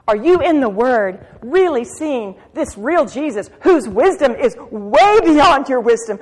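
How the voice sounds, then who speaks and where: A middle-aged woman preaching to women, moving from soft confiding asides to urgent exhortation. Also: high voice, expressive, a little slow, husky. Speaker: women's Bible teacher. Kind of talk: sermon. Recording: long hall reverb.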